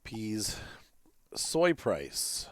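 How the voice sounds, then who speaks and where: A man hosts a casual let's-play of a farming game, wandering through a personal story with lots of fillers and restarts. His fairly low voice is sing-song and extremely slow. The recording has no room sound.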